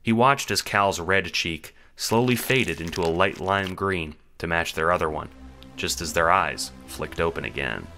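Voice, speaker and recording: A man reading the narration of an audio drama in a measured storytelling manner. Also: low-pitched, animated, bright, forceful tone, soft background music.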